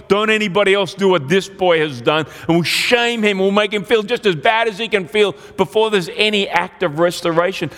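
A male pastor preaching a sermon, telling a parable in an animated way and acting out the characters' lines. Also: sits high. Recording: long hall reverb.

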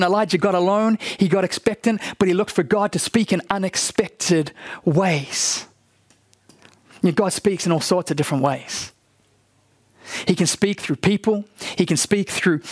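A man's voice: high voice, no room sound. A man preaching a sermon in an earnest way, often repeating words as he builds a point. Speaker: pastor.

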